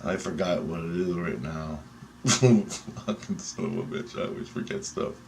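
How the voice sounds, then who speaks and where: A man telling a dream story in an excitable, rambling way, swearing often and restarting sentences. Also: low-pitched, unhurried, noisy background.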